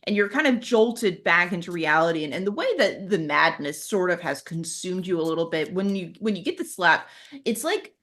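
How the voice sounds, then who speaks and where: A woman's voice: lowish voice, normal speed, a bit bright. A woman narrating a horror tabletop game as game master, casual and chatty. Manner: casual, chatty, laughs easily.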